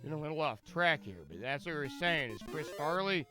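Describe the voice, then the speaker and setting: A man commentating his own speedrun on a live stream, rambling from joke to joke and tripping over his words as he restarts phrases. His voice sits high for a man and sounds bright and sharp, with faint music underneath. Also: animated, normal speed. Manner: rambling, jokey, stammering restarts.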